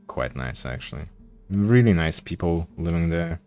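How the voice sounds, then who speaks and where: A man's voice: low-pitched, expressive, moderate pace, a little mellow, faint music behind. A man streaming while he draws, chatting casually and swearing offhandedly. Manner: laid-back, swears casually. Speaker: art streamer.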